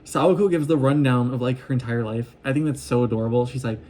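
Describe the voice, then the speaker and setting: A man casually recapping a show in an excitable, rambling way, often acting out what the characters say. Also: mid-range voice, quick pace. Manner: excitable, gushing, acts out quoted lines. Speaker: vlogger recapping an anime.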